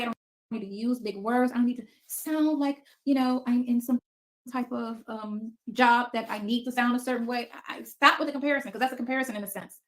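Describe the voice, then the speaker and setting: A livestream host in her fifties talks to viewers from her home basement in a casual stream, cursing freely and answering their comments bluntly and defiantly. Her voice is a little high and a bit bright.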